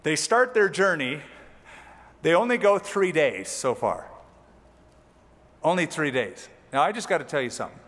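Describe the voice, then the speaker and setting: Recorded in a long-reverb hall, this pastor works through scripture verse by verse in an expository sermon, reading passages aloud and explaining them with casual, conversational asides. His voice is on the high side and fairly bright, expressive, at a moderate pace with frequent pauses.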